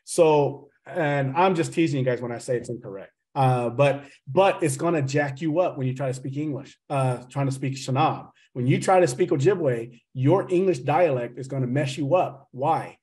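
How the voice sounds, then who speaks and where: Over a video call, a man teaches a language class, teasing his students, joking through grammar explanations and calling them "guys." His medium-pitched, darkish voice moves at normal speed with hardly any pauses.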